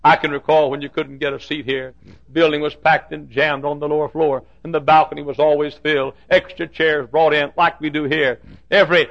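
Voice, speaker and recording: A preacher playing an old wistful church custodian. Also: male voice, a little high, little pitch movement, fairly quick, creaky. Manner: soft, tearful pleading. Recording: dull lo-fi sermon recording.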